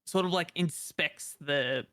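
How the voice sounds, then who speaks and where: Male player, slow hesitant delivery, bright clear voice, dry close mic. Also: fairly high pitch, no room sound. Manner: slow, hesitant, describes actions haltingly. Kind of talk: casual tabletop game play.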